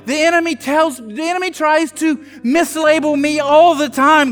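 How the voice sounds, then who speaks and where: A man from South Louisiana preaching a sermon, telling self-mocking stories with animated humor. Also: very high-pitched, moderate pace, few pauses, in a large hall, faint music behind. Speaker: pastor.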